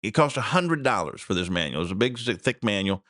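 Brief: low-pitched male talk-show host, loose rambling delivery, dry close mic. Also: big pitch swings, fairly quick, a bit bright, no room sound. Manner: rambling, repeats himself, laughs at the news. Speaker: podcast host. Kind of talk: casual solo commentary.

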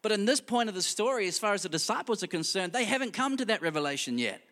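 A pastor with a high, bright voice preaches a sermon in a church hall, talking loosely and conversationally to the congregation with humorous asides and laughter. He's expressive and fast-talking, and the large room gives his voice a long reverb.

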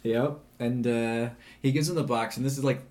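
A man's voice: mid-range voice, fairly even intonation, moderate pace, crowd noise. Laid-back man recapping a movie. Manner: laughs often, swears casually. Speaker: podcast co-host. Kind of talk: casual movie recap chat.

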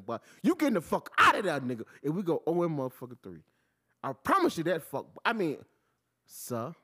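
A man, hosting his own podcast and ranting about sports in an animated, profane style. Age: 40s. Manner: animated, swings from low mutter to loud outbursts, heavy cursing. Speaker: podcast host. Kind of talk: profane solo sports rant.

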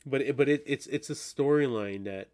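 A man chatting on a podcast in a middle-pitched voice. He rambles and swears freely, often restarting his sentences as he talks. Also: moderate pace, darkish tone. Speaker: podcast host. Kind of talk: casual chat.

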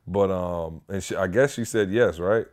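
A man co-hosting a casual podcast. His voice sits on the low side. He speaks emphatically and encouragingly, often repeating a point to drive it home. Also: moderate pace. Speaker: podcast co-host.

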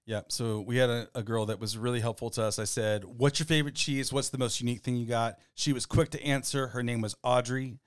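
A man co-hosting a podcast in casual chat, rambling and relaxed with plenty of fillers. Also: medium pitch, brisk, few pauses, clean tone. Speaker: podcast co-host.

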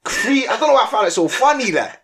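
A man's voice: high-pitched, quick pace, breathy edge. A young man telling stories in a casual, slang-heavy podcast chat. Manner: slang-heavy storytelling, animated. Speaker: podcast co-host.

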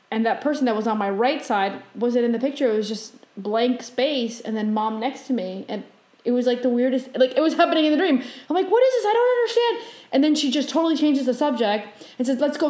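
A woman co-hosting a podcast, telling a dream story in casual chat and acting out her own panicked lines. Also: echoey room. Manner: animated retelling, voices her own panicked quotes high and fast. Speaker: podcast co-host.

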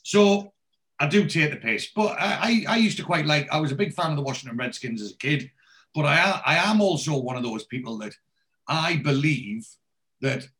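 A man's voice: fairly high pitch, expressive, normal speed, a bit bright. A middle-aged man from Newcastle with a Geordie accent, swearing and rambling casually as a podcast co-host. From west end of Newcastle. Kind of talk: casual chat, retelling a TV scene.

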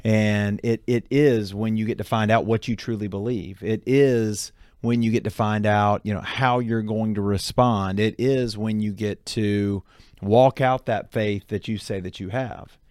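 A man hosting an interview podcast, attentive and reflective, with many soft murmurs of agreement. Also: fairly low pitch, fairly even intonation, unhurried, dry recording, studio quality. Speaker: podcast host. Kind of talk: interview conversation.

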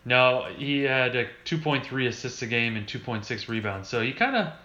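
A man's voice: medium pitch, lively intonation, moderate pace, pushed and bright. A man hosting a casual sports chat, reading out player stats and chuckling often. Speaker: podcast host. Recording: roomy, dull lo-fi sound.

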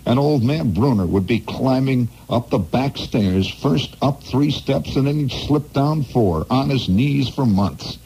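A radio host from the Midwest telling a rambling, digressive story in a wry, playful way, full of asides. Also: male voice, mid-range voice, expressive, unhurried, vocal fry, hardly any pauses, warm tone, slight background noise, low-quality recording. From American Midwest.

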